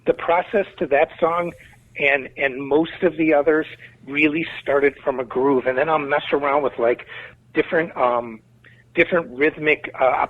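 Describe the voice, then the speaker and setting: Talkative Chicago man on a tinny line. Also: a little high. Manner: rambling, talkative storyteller. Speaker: guest musician. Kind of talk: casual interview talk.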